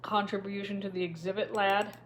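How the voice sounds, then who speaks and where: A woman's voice: mid-range voice, little pitch movement, fairly quick, a little hiss or hum, natural voice. A woman voicing a scheming middle-aged male official who speaks in a lazy, self-satisfied drawl. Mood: sly drawl.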